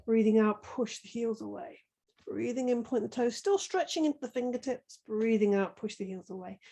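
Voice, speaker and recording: A middle-aged woman guiding a slow floor-based yoga class, giving gentle, soothing breathing and movement cues with many pauses. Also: medium pitch, poor audio. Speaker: yoga teacher. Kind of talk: guided yoga class instruction.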